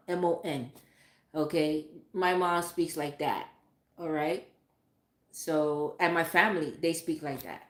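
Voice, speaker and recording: A woman's voice: low-pitched, slow pace. A woman talking in a casual, candid way, rambling and swearing freely, with lots of fillers like "like" and "um". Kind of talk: casual chat. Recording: echoey room.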